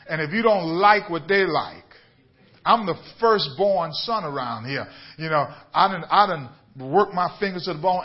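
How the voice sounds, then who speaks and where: A man's voice: high-pitched, muffled recording. A man, a bishop preaching a radio sermon, building up to emphatic repeated questions to his listeners. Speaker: bishop and pastor.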